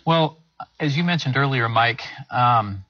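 A man, a bariatric surgeon appearing as a guest on a talk show, calmly explaining medical procedures in measured, technical terms. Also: mid-range voice, dry recording, highs cut off.

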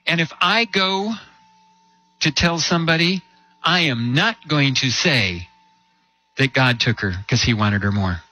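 A man delivers a sermon in a bright, forward voice at an ordinary pitch. He tells a story and keeps asking rhetorical questions, slowing and dropping low on the heavy points. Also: expressive, poor audio. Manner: storytelling with rhetorical questions and slow emphatic drops. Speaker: preacher.

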